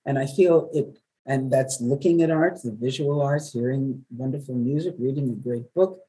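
An older woman from New York, a veteran radio journalist, telling stories in a chatty, lively way as an interview guest. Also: a bass voice, moderate pace, breathy edge, poor audio. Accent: New York, softened. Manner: warm, chatty storyteller with laughs. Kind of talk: webinar interview.

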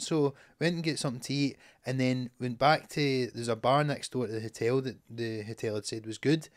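A man's voice: mid-range voice, fairly quick, hardly any pauses. Chatty man telling stories. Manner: animated storyteller, swears freely. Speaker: podcast co-host. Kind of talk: casual chat.

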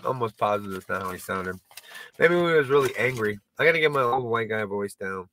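A man's voice: medium pitch, expressive, brisk, sharp tone. A man doing a casual stand-up monologue to camera, rambling and self-deprecating, swearing and stumbling over restarts. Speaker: comedian and video creator.

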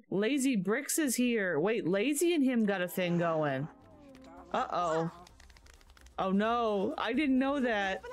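Chatty woman narrating her gameplay. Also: mid-range voice. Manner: chatty, laughing, gasping at game events. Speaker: gaming video creator. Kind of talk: casual gameplay commentary.

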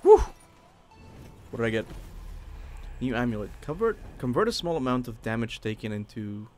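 Lively, chatty gaming streamer man. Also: medium pitch, moderate pace, faint music behind. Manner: chatty, excitable, swears casually. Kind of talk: casual live gameplay commentary.

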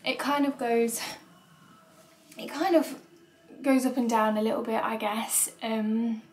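Chatty young woman vlogger, a touch high. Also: steady tone, a little slow. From United Kingdom. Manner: chatty, emotional and candid, with frequent ums and little laughs. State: nauseous and unwell. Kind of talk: casual pregnancy vlog.

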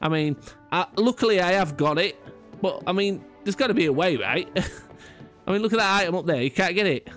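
A man's voice: high-pitched, animated, a little fast, a bit bright, faint music behind. A man rambling through casual gameplay commentary, chatty and self-mocking with frequent restarts. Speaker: gaming YouTuber.

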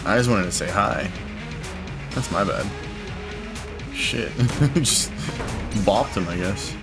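A young man with a low voice gives casual, sweary gameplay commentary, jumping into excited, frustrated outbursts. Game music plays clearly behind him. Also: slow. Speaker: gamer.

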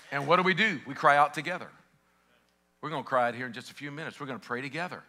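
A middle-aged male pastor preaching in a church with a strikingly bright, ringing tone that sits a little high for a man. He calls out to the congregation with passion, swinging from loud shouted peaks to quiet, close storytelling. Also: fast talker, a faint crowd, a little hiss or hum. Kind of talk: sermon. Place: church sanctuary.

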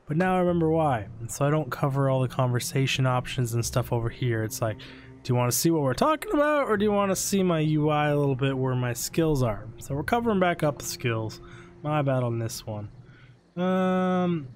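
Hoarse young man chatting over gameplay. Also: a little high, lively intonation, fairly quick, slight background noise. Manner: rambling, self-deprecating chatter to viewers. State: sick and losing his voice. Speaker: gaming channel host. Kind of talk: casual gameplay commentary.

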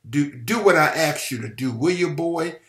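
A man's voice: mid-range voice, unhurried, creaky. A man reading the part of a weary mother who scolds her son bitterly. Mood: bitter scolding. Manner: pleading, then bitter and scolding. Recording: roomy echo.

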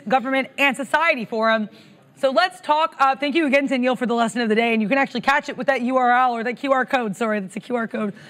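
A woman's voice: high voice, a bit bright. A woman co-hosting a live trading stream, chatty and bubbly.

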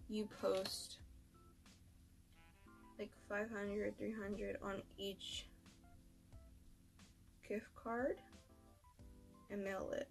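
A young woman vlogging in a loose storytime ramble, slangy and peppered with swearing. Her mid-pitched voice has a gravelly fry, and soft music plays faintly underneath. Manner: slangy, swears, many likes. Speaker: beauty vlogger. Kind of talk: casual storytime chat.

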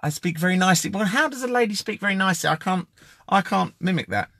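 A man's voice: sits high, animated, fast, gravelly, no room sound. A man hosting a casual live-stream giveaway, joking and calling out viewers by name. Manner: jokey, chatty, shouting out viewers by name.

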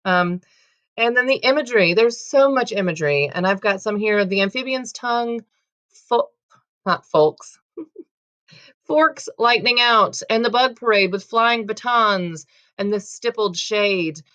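A woman's voice: mid-range voice, a little slow, fairly bright tone. A woman teaching a casual poetry lesson, talking in a chatty, filler-heavy way and correcting herself as she goes.

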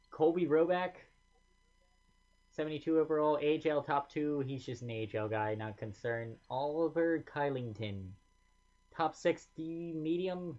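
A man giving casual gameplay commentary as a gaming video host, thinking aloud with mumbled asides and quick self-corrections. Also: mid-range voice, a little mellow. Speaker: gaming YouTuber. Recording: slightly dull lo-fi sound.

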